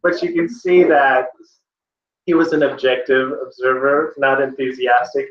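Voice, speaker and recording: A man's voice: mid-range voice, unhurried. A man teaching a test-prep class, talking casually and with energy and often saying "like". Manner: casual, animated, lots of "like". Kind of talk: classroom lesson. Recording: echoey classroom, dull lo-fi sound.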